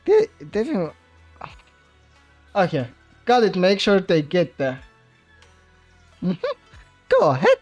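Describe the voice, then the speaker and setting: A man's voice: high-pitched, wildly swooping pitch, slow pace, long pauses, darkish tone, highs cut off, soft background music. A man from Iran with a Persian accent, his first language being Persian, chatting casually with his chat on a game livestream, laughing often and bantering playfully. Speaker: streamer.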